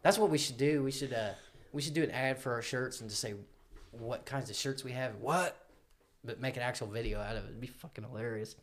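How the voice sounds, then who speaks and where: A man hosting a casual podcast chat, loud and laughing, swearing freely. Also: mid-range voice, fairly quick. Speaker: podcast host.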